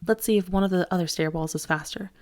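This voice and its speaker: A woman reading the part of a grown man who speaks in a hushed, solemn way. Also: on the low side, quick pace, lightly acted.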